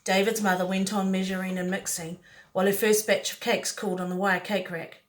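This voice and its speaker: A woman's voice: mid-range voice, flat delivery, a little fast. A woman reading a picture book aloud, playful, with chatty asides to the listener. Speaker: storyteller.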